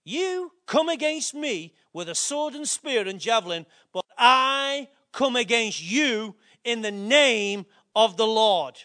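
A man voicing a bold young shepherd warrior, declaiming forcefully. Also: high-pitched, expressive, fairly quick. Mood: defiant.

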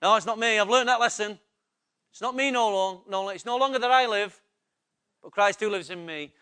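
A man's voice: high-pitched, brisk, bright, forceful tone, smooth. A man preaching a sermon in a church, emphatic and repetitive, putting questions to the congregation.

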